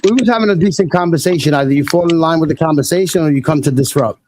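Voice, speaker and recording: High-voiced joking man. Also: racing, a little mellow, a little hiss or hum. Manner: joking, laid-back. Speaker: panel guest. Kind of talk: casual chat.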